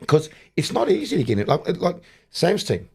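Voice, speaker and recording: A man's voice: a little high, very animated, normal speed, creaky, mellow, slightly rough. A middle-aged man with an Australian accent, a boxing coach chatting in an interview, rambling and restarting his sentences. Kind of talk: casual interview chat.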